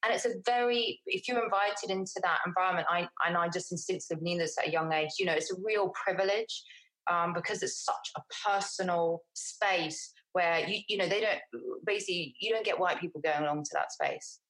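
A woman's voice: fairly low pitch, a little fast, fairly bright tone, low-quality recording. A middle-aged woman from England, talking casually as an interview guest, rambling with many restarts and fillers.

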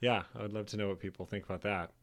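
A man's voice: on the low side, steady tone, racing. A man co-hosting a casual podcast chat, laid-back and joking, with self-mocking asides. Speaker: podcast co-host.

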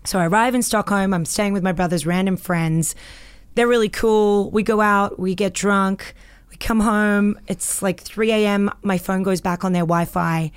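A woman with an Australian accent, a voice actor telling lively stories as an interview guest. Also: mid-range voice, moderate pace, clear, resonant tone, no echo. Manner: animated storyteller, acts out quotes. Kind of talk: casual interview chat. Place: small home recording closet.

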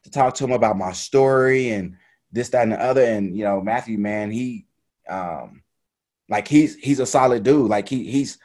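A man's voice: mid-range voice, normal speed, darkish tone. A man from Texas, a triathlete talking casually as a guest on a video call and filling his speech with "like" and "man". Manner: loose, heavy with fillers like "man" and "like".

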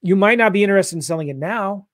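Pushy energetic man coaching sellers. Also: high-pitched, fast, no echo, clean studio sound. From St. Louis. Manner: pushy, energetic sales talk. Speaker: real estate investing coach. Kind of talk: livestream coaching chat.

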